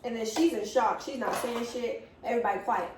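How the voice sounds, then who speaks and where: A young woman co-hosting a casual storytime, chiming in with quick reactions. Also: fairly high pitch, a little mellow, slight background noise. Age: young adult. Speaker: co-host. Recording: echoey room, mic at a distance.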